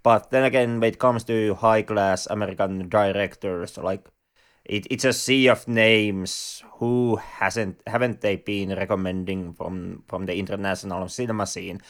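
A man with a clear, smooth and somewhat low voice, speaking very slowly and unhurriedly. He co-hosts a film podcast, and his phrasing is wordy and a touch formal. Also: steady tone. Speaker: podcast co-host. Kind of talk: casual film discussion.

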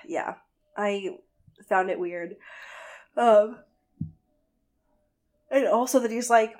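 A woman's voice: fairly high pitch, unhurried, long pauses. A young woman co-hosting a podcast, recapping a book in a casual, sarcastic way with lots of "um" and "like" and some swearing. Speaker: podcast co-host.

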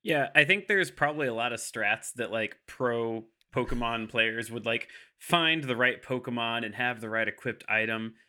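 Man, comedy podcast panelist; bright, punchy voice, escalating hype. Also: medium pitch, normal speed, hardly any pauses. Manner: escalating, over-the-top hype. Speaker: podcast panelist pitching a game. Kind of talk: comedic improv pitch.

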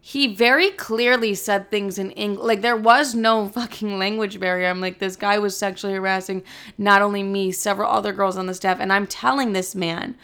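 A woman's voice: medium pitch, steady tone, normal speed, fairly bright tone, smooth. A young adult woman telling a story to the camera in a casual rant, blunt and swearing a lot. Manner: blunt, heavy swearing, fired-up. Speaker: storyteller vlogger.

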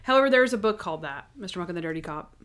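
A woman's voice: lively intonation, racing, fairly bright tone. A young woman co-hosting a casual podcast, chatting loosely with lots of fillers. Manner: chatty, lots of "like", acts out scenes in high voices. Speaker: podcast co-host. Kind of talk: casual chat.

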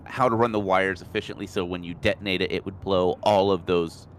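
A man narrating a tabletop game as game master, describing scenes in a relaxed way with small restarts. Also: low voice, fairly quick, slight background noise.

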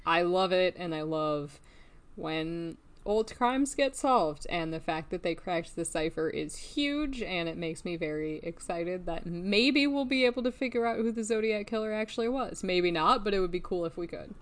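A woman co-hosting a podcast in casual chat, chatty and excitable, often laughing as she talks. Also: lowish voice, normal speed. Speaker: podcast co-host.

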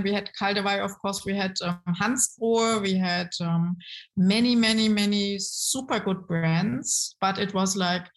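A woman from Germany with a mid-range voice, heard on poor audio, is a guest brand consultant in a casual interview. She tells business stories in a lively way, with frequent ums and restarts.

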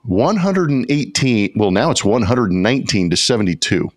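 A man's voice: mid-range voice, very animated, normal speed, no room sound. A man with a slight Southern accent, co-hosting a casual sports podcast with dry, joking remarks. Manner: dry, joking, laid-back. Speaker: podcast co-host, former player.

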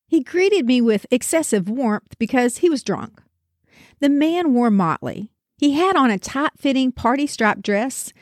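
A woman retelling a classic story in a theatrical, expressive way. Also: on the high side, no echo, studio quality.

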